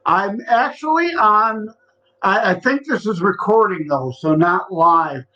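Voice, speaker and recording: A man talking as a podcast guest in casual chat, folksy and quick to laugh. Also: high voice, expressive, pushed and bright, lo-fi sound.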